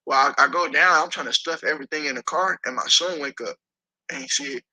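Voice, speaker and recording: A man tells a story in a casual interview with a husky, strained voice. His tone is piercing and tense. He talks in an animated, profane way and acts out the people he quotes. The sound is dry and close. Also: on the high side, fast talker, no echo, poor audio. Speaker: interview guest.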